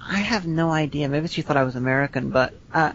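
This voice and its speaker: A woman from Northern Ireland with a Northern Irish accent, hosting a casual podcast chat in a blunt, quick way with many restarts. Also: sits low, slight background noise. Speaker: podcast host. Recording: dull lo-fi podcast audio.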